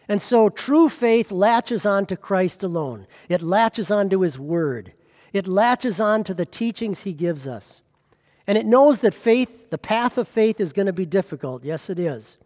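Man, pastor, impassioned sermon, rhetorical questions, high pitch, long echo. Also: a little mellow.

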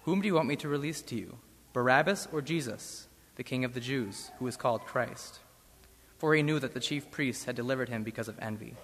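A man reading a Bible passage aloud in church with a measured, solemn delivery. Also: mid-range voice, a bit bright. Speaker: scripture reader. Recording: long church reverb.

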